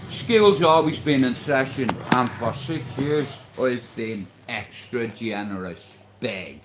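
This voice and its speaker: A man's voice: mid-range voice, takes it slowly, few pauses, echoey room, background noise. Irish man, livestream host, boastful, rambling, swears a lot. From Ireland. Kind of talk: casual livestream chat.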